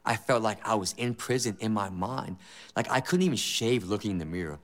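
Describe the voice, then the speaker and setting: A man's voice: on the low side, expressive, fairly quick. A man giving a personal faith testimony as a former gang member, emotional and earnest, with many repeated phrases. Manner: emotional, repetitive, earnest storytelling.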